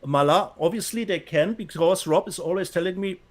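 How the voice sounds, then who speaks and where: A man's voice: high-pitched, a little fast. A man with a German accent co-hosting a casual chat show, reading out viewer comments and laughing often. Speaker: co-host.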